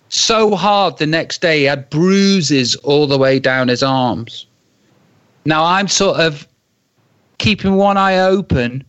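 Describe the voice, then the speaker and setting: A man with a fairly high voice spins a spooky tale for laughs, slowing down for suspense and bursting into shouted quotes. He talks like a practised storyteller. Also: muffled recording. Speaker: guest telling a story. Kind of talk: animated comic storytelling.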